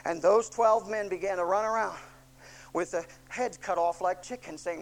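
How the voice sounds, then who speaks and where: Impassioned preacher swinging hushed to shouting. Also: medium pitch, moderate pace, low-quality recording. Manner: emphatic repetition and rhetorical questions. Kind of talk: sermon.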